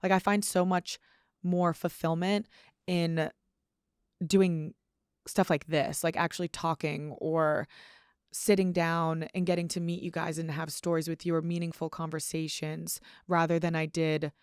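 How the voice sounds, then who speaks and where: A woman's voice: low-pitched, little pitch movement, a little slow, smooth, no room sound, studio quality. A woman, hosting a solo podcast in a candid, casual way, swearing freely and saying "like" a lot. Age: 20s. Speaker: podcast host.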